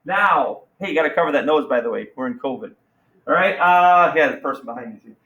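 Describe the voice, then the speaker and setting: Energetic man teaching a math class. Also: a little high, a little fast, dull audio. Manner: energetic, questioning students, playful asides. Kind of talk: classroom lesson.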